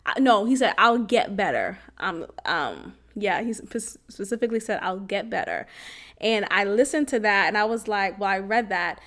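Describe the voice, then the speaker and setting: A woman's voice: medium pitch, animated, moderate pace, a bit bright. Blunt, laughing woman podcast host. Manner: casual and blunt, with slang and frequent laughs. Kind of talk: candid personal storytelling.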